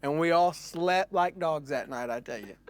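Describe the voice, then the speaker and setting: This man's voice runs on the high side at a normal speed as he casually tells tall tales as host. Animated, he acts out the people he describes, and "like" and other fillers come up constantly.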